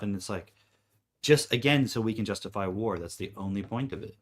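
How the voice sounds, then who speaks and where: A man's voice: fairly low pitch, a little fast. A man co-hosting a podcast in casual chat, talking animatedly and acting out other people's lines, swearing freely. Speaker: podcast co-host.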